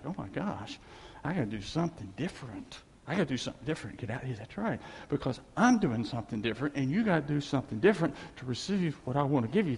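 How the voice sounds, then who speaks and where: A man preaching a folksy, animated sermon with laughing asides, recorded in a church hall. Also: on the high side, creaky, breathy edge. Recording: echoey hall with long reverb.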